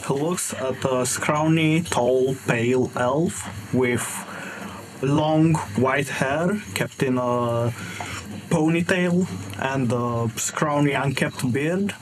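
A man player slowly and haltingly describing his character at a tabletop game, correcting himself as he goes. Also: medium pitch, background noise. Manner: slow, halting, self-correcting.

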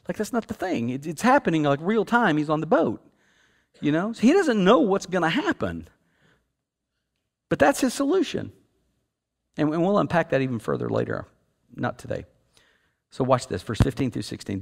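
A man, the senior pastor, preaching a sermon in a conversational way. He repeats words for emphasis and drops from loud, emphatic peaks to hushed, quiet stretches. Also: fairly high pitch, huge pitch swings, fairly quick, creaky. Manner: repeats words for emphasis, casual fillers like "like" and "you know".

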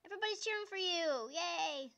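High, bright-voiced excitable woman gamer. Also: fairly quick. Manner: excitable, squealing and cheering at the screen. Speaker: gaming channel host. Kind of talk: excited gameplay commentary.

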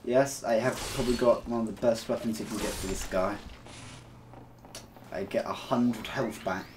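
A man giving casual gameplay commentary as a video host, jumping from quiet mumbles to loud excited outbursts. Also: mid-range voice, moderate pace, noisy background.

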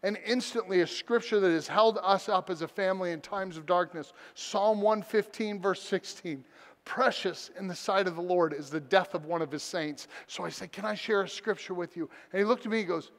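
A man's voice: high voice, brisk. A man preaching a sermon as pastor, telling a personal story with self-deprecating humor. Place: church sanctuary. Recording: long church reverb.

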